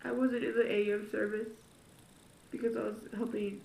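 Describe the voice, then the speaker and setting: A woman's voice: mid-range voice, little pitch movement, normal speed, gravelly, a little mellow. A young woman telling a personal story in a confessional vlog, emotional and tearful, voice catching as she cries. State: crying. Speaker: vlogger. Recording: echoey room with faint noise.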